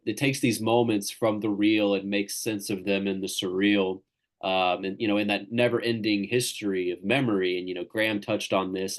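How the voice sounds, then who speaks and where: A man from Tennessee, casually hosting a literary reading on a video call, rambling and enthusiastic. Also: on the low side. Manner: loose, rambling and enthusiastic, with crude jokes. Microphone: video call microphone.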